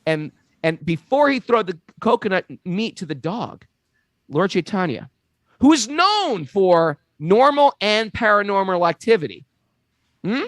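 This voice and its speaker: Brief: an animated male co-host telling stories, fairly high voice, voices the people he quotes. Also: a little slow, no echo. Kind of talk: casual storytelling.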